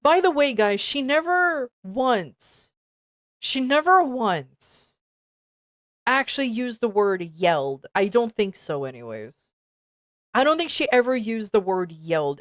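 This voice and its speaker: A woman's voice: on the high side, sing-song, slow, no echo, studio quality. A woman streamer reacting to a text she reads aloud, ranting and swearing in exasperated disbelief and repeating herself. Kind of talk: live-stream reading reaction.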